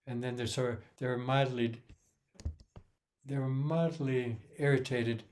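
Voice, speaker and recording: A man's voice: medium pitch, steady tone, slow pace, a little mellow. A man giving a casual music lesson, counting beats aloud and humming rhythms to explain metre. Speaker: music teacher.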